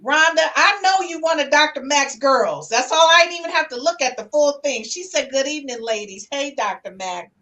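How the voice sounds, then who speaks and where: A woman podcast host. She chats casually, calls her listeners "honey", and reads viewer comments out loud with lively energy. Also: high voice, fairly quick, hardly any pauses, low-quality recording.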